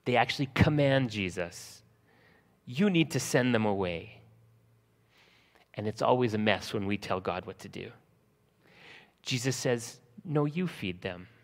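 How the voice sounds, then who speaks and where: A man preaching a sermon, slowing for emphasis and acting out scenes from the text in lively voices. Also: fairly low pitch, long reverb tail. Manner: lively storytelling, acting out disciples' panic in a raised voice. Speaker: pastor.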